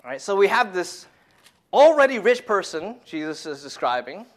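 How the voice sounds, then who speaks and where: A man's voice: high-pitched, sing-song, normal speed. A man preaching a casual sermon to young people, conversational and emphatic, who keeps repeating his key phrases.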